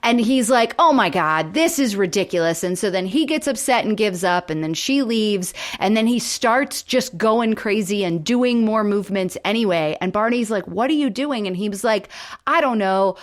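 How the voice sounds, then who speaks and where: A woman's voice: medium pitch, moderate pace. A woman co-hosting a podcast, casually recapping sitcom episodes and acting out the characters' lines as she goes. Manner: animated retelling, acts out characters' lines. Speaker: podcast co-host.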